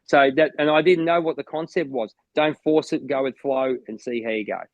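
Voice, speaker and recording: A man's voice: medium pitch, fairly quick, dry recording, lo-fi sound. An Australian man co-hosting a podcast as a motivational coach, talking in an enthusiastic, rambling way with lots of restarts. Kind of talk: casual chat.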